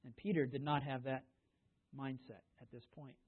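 Guy preaching a sermon, kinda husky, punches words then goes quiet, sounds like a phone recording. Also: mid-range voice, flat delivery, moderate pace, phone-quality sound. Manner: emphatic, swings from loud stresses to hushed asides. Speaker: pastor.

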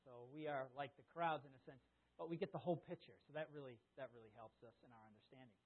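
A man preaching a sermon in a conversational, animated storytelling way, to a congregation he questions directly. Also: medium pitch, fast, husky. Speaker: pastor. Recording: tinny phone-like lo-fi sound.

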